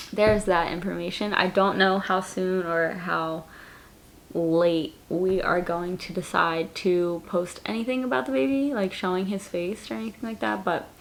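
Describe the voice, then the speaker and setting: A woman's voice: fairly low pitch, gravelly. A woman in her late twenties, chatting casually in a Q&A vlog, rambling and repeating words, with lots of "like" as she answers viewers. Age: late 20s. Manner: answers viewer questions straight to camera. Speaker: vlogger.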